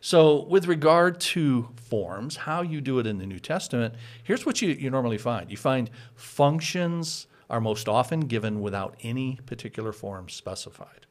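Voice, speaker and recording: A man's voice: mid-range voice, animated, normal speed, few pauses. Man explaining church teaching casually. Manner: explains patiently, chuckles often. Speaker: pastor.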